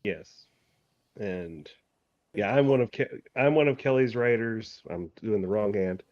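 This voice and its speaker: A man's voice: lowish voice, measured pace, no echo. A man, an author and game master, chatting casually and animatedly, often laughing at himself. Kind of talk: casual chat. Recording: dull lo-fi audio.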